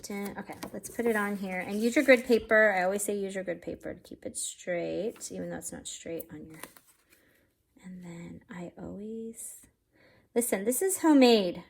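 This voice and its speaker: Chatty woman with a gravelly edge. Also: medium pitch, normal speed. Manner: chatty, self-deprecating, talks to viewers while working. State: a bit out of breath. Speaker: card-making tutorial host. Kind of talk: casual craft tutorial.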